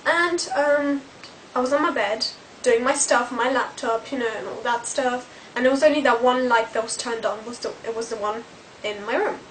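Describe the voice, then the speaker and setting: A woman's voice: on the high side, normal speed, distant mic, a little hiss or hum, poor audio. A woman, chatting to camera as a vlogger, rambling with lots of fillers.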